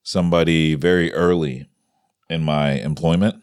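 A man's voice: very deep voice, steady tone, normal speed, darkish tone, smooth, no room sound, clean studio sound. A man in casual conversation, telling funny stories with plenty of swearing and laughter, acting out what people said. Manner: laughs often, swears freely, acts out quotes. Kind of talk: casual chat, storytelling.

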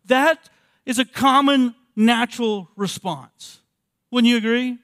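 A man's voice: very high-pitched, slow, fairly bright tone, no echo, studio quality. A man in his fifties preaching a sermon as pastor in a church, earnest and full of rhetorical questions, often repeating his words. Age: 50s.

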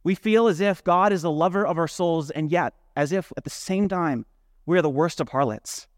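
A man's voice: fairly high pitch, normal speed, no echo, clean studio sound. A male pastor preaching in a conversational way, full of rhetorical questions. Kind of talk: sermon.

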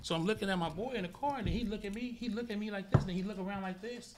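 A man's voice: high voice, rapid-fire, a little hiss or hum. A man from Los Angeles, a guest in a casual interview, telling his story vividly and profanely and acting it out with sound effects.

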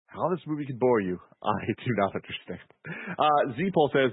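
A man hosting a podcast in casual chat, excitable, swearing loosely as he reads out listener reviews. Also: medium pitch, moderate pace, breathy edge, no echo. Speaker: podcast host. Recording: tinny phone-like audio.

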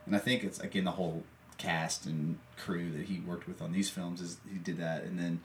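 A man's voice: low-pitched, little pitch movement, moderate pace. A man chatting casually about a movie, rambling with lots of fillers and frequent laughter. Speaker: podcast co-host. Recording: distant mic with faint background noise.

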